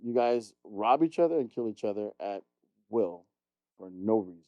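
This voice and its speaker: A man's voice: on the low side, lively intonation, moderate pace, no echo, highs cut off. A middle-aged man co-hosting a casual podcast chat, ranting bluntly with lots of swearing. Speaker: podcast co-host.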